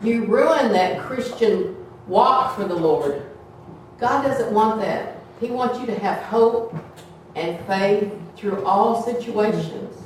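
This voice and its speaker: A woman's voice: medium pitch, lively intonation, takes it slowly, a little hiss or hum. A woman preaching a folksy sermon to a small congregation, sometimes acting out gossip in playful voices. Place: small church hall. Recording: echoey room from far off, faint ambience.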